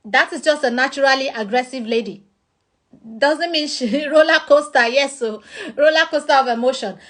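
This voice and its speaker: A woman's voice: high voice, normal speed. A woman with a Nigerian accent explaining a topic in a chatty vlog, acting out examples. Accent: Nigerian English. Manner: chatty, uses acted-out examples. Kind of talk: casual explanatory talk.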